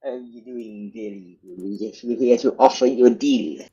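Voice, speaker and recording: A man playing another country's envoy in an online role-play, pitching an oil deal and stumbling over his numbers. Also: normal speed, mellow, breathy edge, lo-fi sound. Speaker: player representing Kazakhstan. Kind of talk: political role-play negotiation.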